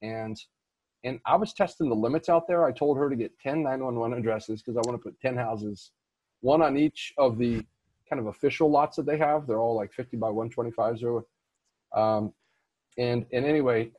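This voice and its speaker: Husky-voiced man telling a long story. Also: medium pitch, darkish tone, no echo. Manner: rambling with frequent restarts and fillers. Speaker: guest real estate investor. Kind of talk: casual storytelling interview.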